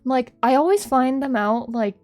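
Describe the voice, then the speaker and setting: Her voice sits high, with a darkish tone and a moderate pace, as this young adult woman streams as a VTuber. The casual chat is rambling and giggly, sprinkled with many "like" fillers.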